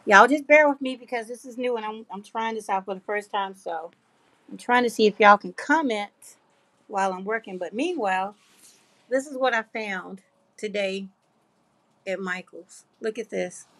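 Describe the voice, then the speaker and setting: A woman's voice: medium pitch, normal speed, fairly bright tone, no room sound. A middle-aged woman, hosting a live craft stream and chatting casually with her viewers as she reads their comments. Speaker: craft livestream host. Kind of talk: casual livestream chat.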